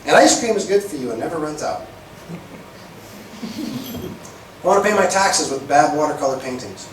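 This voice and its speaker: Wry spoken-word poet in an echoey room. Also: male voice, on the high side, expressive, moderate pace, slight background noise. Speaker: performance poet. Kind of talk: spoken-word poetry reading. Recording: echoey room, far from mic.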